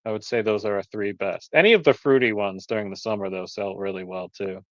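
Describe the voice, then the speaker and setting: A beekeeper with a lowish voice talks a little fast, recorded dry, as he casually explains his honey products in depth. The setting is a live stream over a video call, and the audio is dull and lo-fi.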